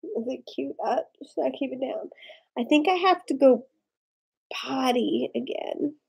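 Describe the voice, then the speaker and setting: A woman's voice: sits high, a little slow, gravelly, darkish tone, husky, poor audio. A drunk woman in her forties hosting a casual live stream, rambling, giggling and reacting to viewer comments.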